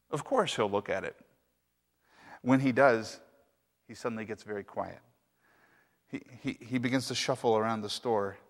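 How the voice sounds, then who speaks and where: A man pastor preaching a sermon, telling a story in a conversational way with asides to the congregation. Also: mid-range voice. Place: church sanctuary. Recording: echoey hall reverb.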